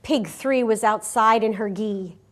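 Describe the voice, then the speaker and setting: A woman reading a picture book aloud to children at a school, expressive and animated. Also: fairly high pitch, a little slow. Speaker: storyteller.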